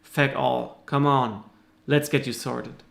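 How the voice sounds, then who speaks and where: A man's voice: mid-range voice, fairly even intonation, takes it slowly, creaky, a bit bright, roomy sound. A man reading aloud the lines of a blunt, crude, teasing islander from a screenplay, in close to his own voice.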